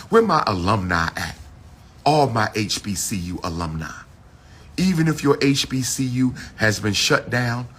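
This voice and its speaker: A man's voice: medium pitch, a bit bright, slightly rough. A man hosting a casual livestream monologue, playful and repeating himself to build hype. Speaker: livestream host.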